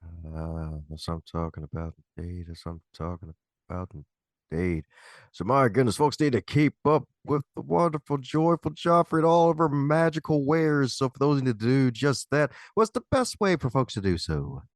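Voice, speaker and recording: A man's voice: medium pitch, lively intonation, moderate pace, no room sound, studio quality. A man hosting a casual podcast interview, laughing often and repeating playful catchphrases. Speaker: podcast host.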